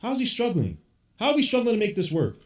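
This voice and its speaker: There's a roomy echo as this podcast host, a frustrated basketball fan, rants bluntly and swears casually while reacting live to a game. His high voice swings hugely in pitch and moves fast.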